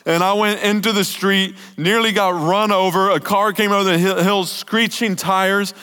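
A young man preaches as a youth pastor, keeping his sermon casual and conversational. His voice sits on the higher side, and he pushes his points with emphasis before dropping soft and low. The sound rings with a long reverb in a church hall. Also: steady tone, normal speed, smooth.

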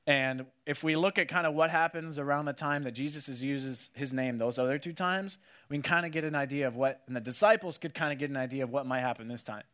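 A man preaching a casual sermon, telling the story with animated energy and acting out what people said. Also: a little high, clear, resonant tone. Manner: animated storytelling, acts out quotes, many "like"s. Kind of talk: casual sermon to a youth audience.

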